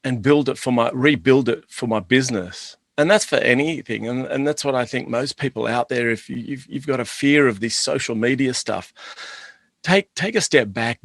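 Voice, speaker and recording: A man's voice: medium pitch, normal speed, vocal fry, fairly bright tone, dry recording. A middle-aged man, a guest on an interview, enthusiastically telling rambling anecdotes about his business. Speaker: guest, chocolate business owner. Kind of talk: casual interview storytelling.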